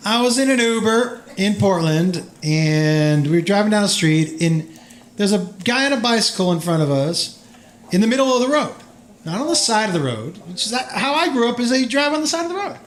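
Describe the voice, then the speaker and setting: A man's voice: high-pitched, lively intonation, fairly quick, a little hiss or hum. A man performing a stand-up routine, telling a story with exasperated, crude rants and acted quotes. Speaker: stand-up comedian. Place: comedy club stage. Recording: echoey room with loud crowd laughter. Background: loud audience laughter.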